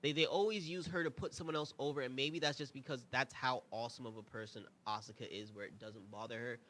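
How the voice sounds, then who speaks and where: A man's voice: mid-range voice, quick pace. A young man hosting a review show, talking casually and with strong opinions, full of asides and rhetorical questions. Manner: animated, rambling, conversational asides. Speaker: podcast host.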